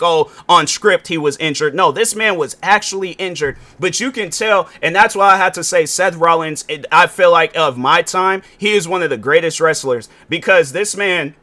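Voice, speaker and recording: A young man with talking to himself on a podcast, rambling in a lively way and correcting himself over and over. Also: high voice, normal speed, hardly any pauses. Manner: rambling, animated, self-correcting with many fillers. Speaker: podcast host. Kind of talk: casual solo podcast monologue. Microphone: sitting at a podcast mic.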